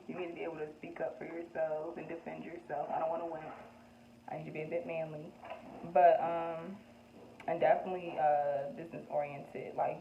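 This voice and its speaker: Young woman vlogging, chatty and candid, kinda low voice, sounds like a tinny phone line in an echoey room. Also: creaky, a little hiss or hum. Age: young adult. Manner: chatty and candid, laughs often, fillers like "like" and "um". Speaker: vlogger answering get-to-know-me questions. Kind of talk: casual chat.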